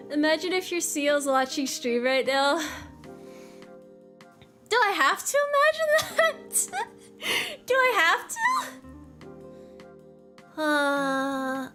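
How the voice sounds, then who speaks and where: Young woman, high-pitched, giggly, self-deprecating, casual stream chat, faint background music. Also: a bit bright. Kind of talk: casual chat reading viewer messages.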